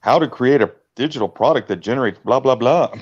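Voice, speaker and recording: A man co-hosting a casual podcast, teasing and reacting quickly. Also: medium pitch, husky, dull audio. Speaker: podcast co-host.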